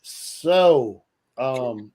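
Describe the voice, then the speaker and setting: A man's voice: medium pitch, lively intonation, drawn-out words, darkish tone. A man hosting a casual podcast chat, loose and slangy, often restarting his sentences. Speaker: podcast host.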